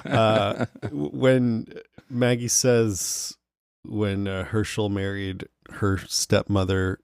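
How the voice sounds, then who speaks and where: A man hosting a podcast in casual chat, relaxed and thinking aloud as he talks. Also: lowish voice, takes it slowly, vocal fry, smooth, dry recording, clean studio sound. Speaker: podcast host.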